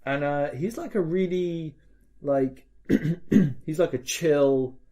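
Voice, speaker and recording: A man's voice: a little high, slow, warm tone. A man hosting a podcast, telling a long story in casual chat, rambling and laughing as he goes. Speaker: podcast host.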